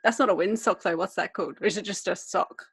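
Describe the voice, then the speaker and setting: An Australian woman in her thirties hosting a casual podcast chat over a video call, chatty and quick to laugh. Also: medium pitch, slightly rough. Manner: chatty, laughs often, animated storytelling. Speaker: podcast host. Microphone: desk microphone on a video call.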